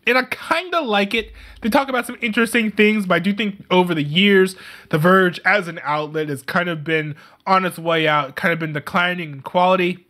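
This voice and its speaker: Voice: mid-range voice, moderate pace, pushed and bright. A speaker giving casual reaction commentary, mocking an article read aloud and laughing often between remarks. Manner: reads text aloud and scoffs at it.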